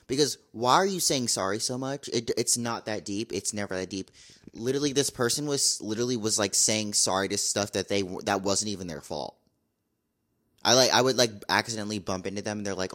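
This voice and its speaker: A man's voice: on the low side, fairly bright tone. A young man talking casually to camera in a vlog, blunt and exasperated, repeating his complaints. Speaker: vlogger.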